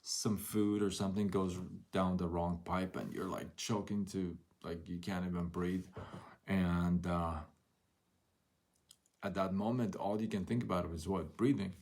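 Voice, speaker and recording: A man's voice: low-pitched, fairly even intonation, measured pace, creaky, darkish tone. A man hosting a live motivational talk, telling a story and asking rhetorical questions. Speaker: host.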